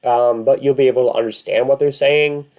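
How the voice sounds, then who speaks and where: A man's voice: medium pitch, steady tone, fairly quick, mellow, highs cut off. A man talking casually to camera as a vlog host, rambling with many fillers and restarts.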